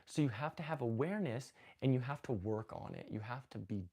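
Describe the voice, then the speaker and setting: A man's voice: medium pitch, brisk, vocal fry, breathy edge. A man hosting a live stream on spirituality, talking casually and earnestly, often restarting his sentences. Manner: rambling, self-correcting, earnest and animated. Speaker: host of a live spiritual talk. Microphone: phone.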